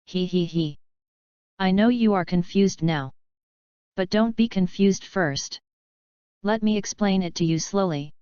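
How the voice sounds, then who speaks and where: A woman voicing a hoarse, sneering male villain hypnotist in an audiobook reading, taunting his captives. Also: mid-range voice, measured pace, pauses often, darkish tone, no room sound, lo-fi sound, close to an everyday voice. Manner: taunting, gloating.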